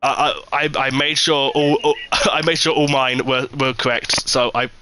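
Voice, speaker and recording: A man's voice: medium pitch, steady tone, moderate pace, bright, forceful tone, slight background noise, low-quality recording. A British man commentating a live online racing league, chatty and full of fillers and restarts. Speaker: esports race commentator.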